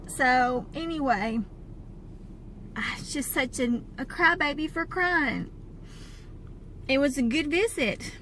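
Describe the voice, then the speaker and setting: A woman's voice: high-pitched, takes it slowly, long pauses, a bit bright. A woman with a Southern US accent, talking to camera with candid, plainspoken chat from inside a car. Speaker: vlogger. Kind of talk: casual talk to camera. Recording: clear car road noise.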